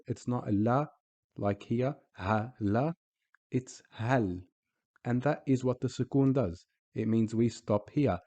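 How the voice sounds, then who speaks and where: A man's voice: medium pitch, warm tone. A man teaching a recorded Arabic lesson, speaking patiently and repeating each example word.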